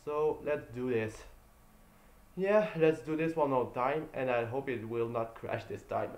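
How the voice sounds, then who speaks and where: Exasperated man streamer, slow and sighing. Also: medium pitch, darkish tone. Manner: exasperated, sighing, repeats himself. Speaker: game streamer. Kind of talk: casual live-stream chat. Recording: roomy echo.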